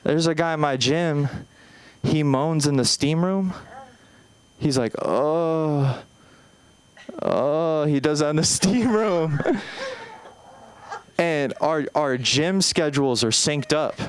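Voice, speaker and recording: A man's voice: fairly high pitch, slow pace, long pauses, a little hiss or hum. A young man in his twenties doing an open-mic stand-up set on a small club stage, talking in an anxious, self-deprecating, rambling way with lots of restarts. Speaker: stand-up comedian.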